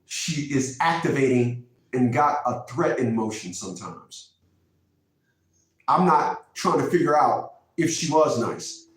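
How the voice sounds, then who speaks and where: Man, fifties, vlog host, preachy, emphatic, repetitive, very echoey, distant mic. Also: a little high. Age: 50s. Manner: preachy, emphatic, repeats phrases. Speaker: vlogger host. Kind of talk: casual monologue. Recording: very echoey room, mic far off.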